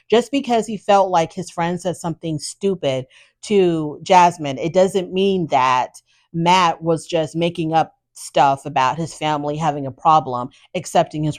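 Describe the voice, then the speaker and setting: A woman hosting a podcast, casually recapping a reality show with blunt, animated opinions and exasperated asides. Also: deep voice. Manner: animated, exasperated, talks straight to the subject.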